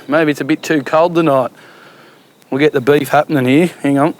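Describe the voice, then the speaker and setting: A man's voice: a little high, fairly even intonation, fairly quick. A young Australian man hosting his own cooking show, chatting casually and cheekily with plenty of slang while he cooks. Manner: blokey and cheeky, full of slang. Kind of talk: casual cooking vlog chat.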